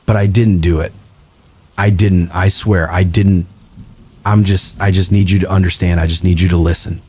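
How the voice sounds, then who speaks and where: A man reading first-person horror stories as a narrator, in a slow, brooding, confessional delivery. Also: low-pitched, steady tone, darkish tone, slightly rough.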